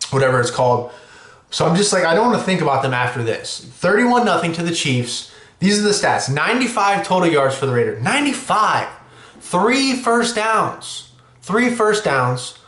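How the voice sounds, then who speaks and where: A man hosting a sports podcast, ranting excitably and cursing freely. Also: on the high side, echoey room. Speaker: podcast host.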